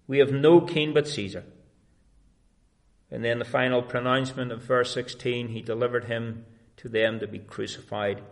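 A man's voice: mid-range voice, vocal fry. A man preaching a sermon in an earnest, emphatic way.

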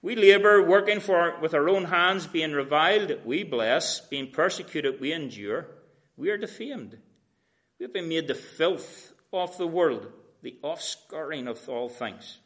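A man preaching an expository sermon, reading verses and paraphrasing them in a sarcastic everyday voice, swinging from loud emphatic lines to quiet asides. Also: a little high, lively intonation, a little slow.

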